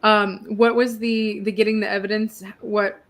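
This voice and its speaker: A woman's voice: medium pitch, level tone, normal speed. A woman playing a tabletop game, asking hesitant, polite questions about the rules. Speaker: player. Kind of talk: casual tabletop play.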